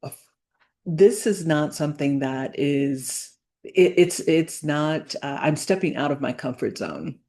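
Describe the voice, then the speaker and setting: A woman talks slowly to camera in a reflective vlog, with a low voice. She is earnest and halting, starting over often and leaning on fillers, and she takes her time between thoughts. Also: animated, warm tone. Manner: slow, halting, with many fillers and restarts; earnest, faith-centered. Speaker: business owner vlogging.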